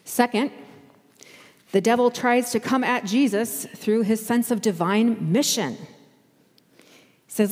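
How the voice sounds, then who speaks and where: A woman's voice: fairly high pitch, slow pace, pauses often, darkish tone, breathy edge, long reverb tail. A woman pastor delivering a sermon in a conversational way, acting out the voices she quotes.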